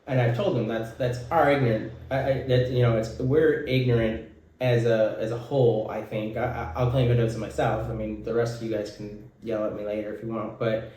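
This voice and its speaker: American man, mid-pitched, rambling, very echoey room. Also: little pitch movement, a little fast, a little mellow. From United States. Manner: rambling, self-correcting, many fillers. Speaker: podcast co-host. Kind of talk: casual chat.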